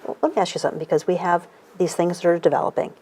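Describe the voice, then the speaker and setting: A woman with a fairly low voice hosts the conversation. She asks questions and keeps up a steady stream of short affirmations while her guest talks. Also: very fast, husky. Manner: attentive, frequent short affirmations. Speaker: interviewer. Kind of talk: interview questions and backchannel.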